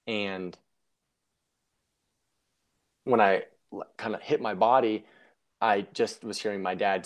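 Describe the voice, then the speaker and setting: A young man with a low-pitched voice tells his story in a relaxed interview. He rambles and corrects himself as he goes, reflective and unhurried. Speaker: guest sharing a near-death story.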